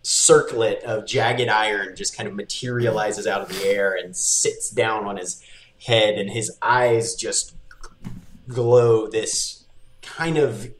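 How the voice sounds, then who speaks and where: A man playing at a tabletop game, slowly describing a spell's effects. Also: lowish voice, fairly even intonation, slight background noise. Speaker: player. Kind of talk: casual tabletop play. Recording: echoey room.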